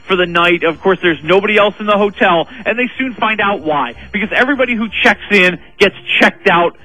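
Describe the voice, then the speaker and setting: Brief: male film reviewer on radio, high voice, bright tone, animated, filler-heavy storytelling. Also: fairly quick, low-quality recording. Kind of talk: casual radio movie review.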